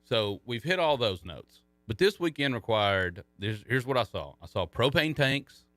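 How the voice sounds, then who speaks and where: A man's voice: mid-range voice, animated, moderate pace, a bit bright, no echo. A middle-aged man co-hosting a youth sports radio show, telling rambling stories and poking fun at himself in casual banter. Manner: chatty, self-mocking, rambling storyteller; jokey banter.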